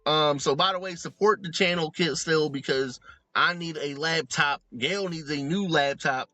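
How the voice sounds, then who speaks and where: A comedy podcast co-host with a slightly high voice talks at normal speed, animated, profane and joking, slipping into mock voices for asides. He's recorded remotely on a close mic with no echo, and faint music plays behind him.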